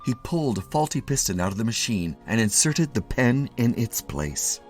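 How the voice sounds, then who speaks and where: A man narrating a classic short story with an expressive, animated reading. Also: medium pitch, moderate pace, soft background music. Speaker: story reader.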